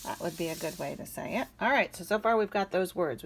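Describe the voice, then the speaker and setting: A woman teaching a phonics lesson to young children, sounding out letters clearly and encouraging them. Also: on the low side, lively intonation, a little fast, low-quality recording. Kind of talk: early-reading phonics lesson.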